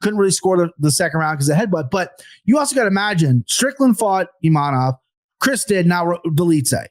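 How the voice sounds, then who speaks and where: A man's voice: high voice, very animated, brisk, no echo, clean studio sound. A man from the US Midwest co-hosting a sports podcast in loose, easygoing chat. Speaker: podcast co-host.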